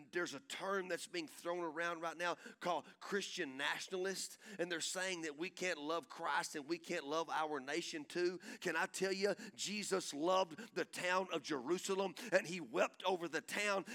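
A male pastor preaching a sermon in an emphatic, folksy way, repeating phrases and building up to shouts. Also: on the high side. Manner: emphatic, repetitive, swells into shouting; folksy and country in tone.

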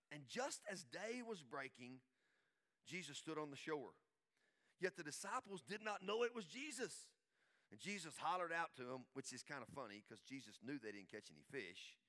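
A pastor preaching a sermon, retelling scripture in an animated, emphatic storytelling way. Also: male voice, on the high side, normal speed.

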